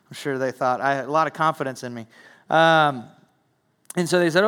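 A young man preaching and telling his own testimony, earnest, repeating words and falling to a hush at low moments. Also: moderate pace, pauses often. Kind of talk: sermon testimony.

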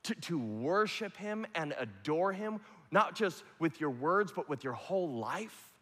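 A male pastor delivering a sermon in a large church hall, with a long echo trailing each phrase. His voice sits slightly high for a man. He alternates between ringing, climbing exhortations and soft, hushed, near-whispered passages. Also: very animated, measured pace. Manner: preaching, swinging from loud rising appeals to hushed near-whispers.

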